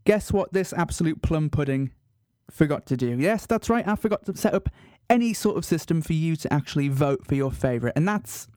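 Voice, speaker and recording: A man's voice: fairly high pitch, fairly quick, no room sound, studio quality. Self-mocking male radio host. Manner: self-mocking, mock-serious, animated. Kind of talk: comedic radio monologue.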